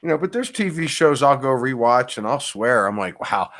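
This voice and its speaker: A man's voice: mid-range voice, sing-song, moderate pace, fairly bright tone. A sleepy, laid-back man in casual online chat, laughing often. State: sleepy, yawning. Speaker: online show host.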